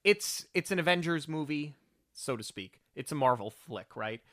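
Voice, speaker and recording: Bright-voiced man on a film podcast. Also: fairly high pitch, expressive, normal speed, no room sound, clean studio sound. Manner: analytical, makes his case firmly. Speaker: podcast co-host. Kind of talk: casual film review chat.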